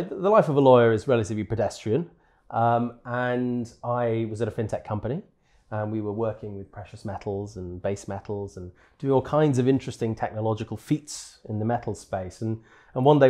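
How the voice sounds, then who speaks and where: Low, mellow-voiced man telling a story. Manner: animated storytelling, self-deprecating. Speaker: interview guest, crypto exchange executive. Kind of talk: conversational interview. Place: conference venue.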